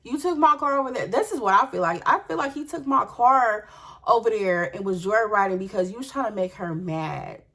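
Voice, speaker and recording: A young woman telling viewers a story in an animated, profane way and speaking straight to them. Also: mid-range voice, moderate pace, breathy edge. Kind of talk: storytime vlog.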